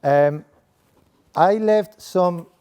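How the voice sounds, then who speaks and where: Middle-aged man with a Spanish accent, slightly high voice; chatty, playful lecturer working the room. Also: very slow, mellow, clean tone. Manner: playful, chatty, tags lines with "okay?". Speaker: sport coaching professor giving a talk. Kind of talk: interactive talk to a live audience. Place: room with a seated audience at desks.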